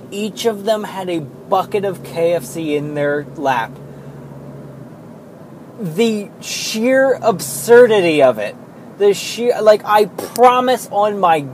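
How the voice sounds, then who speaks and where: A man's voice: sits high, a little hiss or hum, low-quality recording. A man telling rambling, profane, exasperated stories in a casual monologue, talking in a car. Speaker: vlogger telling work stories.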